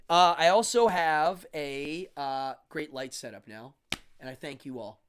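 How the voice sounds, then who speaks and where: A man's voice: on the high side, unhurried, fairly bright tone, smooth. A man hosting a live stream, chatting casually and animatedly, greeting viewers and reading the chat aloud into a studio microphone.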